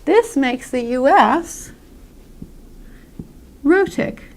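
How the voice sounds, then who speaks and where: High-voiced woman teaching pronunciation. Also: animated, drawn-out words. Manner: friendly, explanatory, models sounds aloud. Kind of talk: classroom-style explanation.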